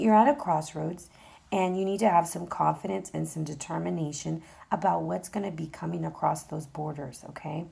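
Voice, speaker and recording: A woman giving a casual tarot reading with a tired, worn-out voice, chatting straight to viewers with lots of fillers. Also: dark tone. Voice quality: gravelly, low voice. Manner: chatty, direct address, many fillers. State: vocally exhausted, voice going in and out. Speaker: tarot reader.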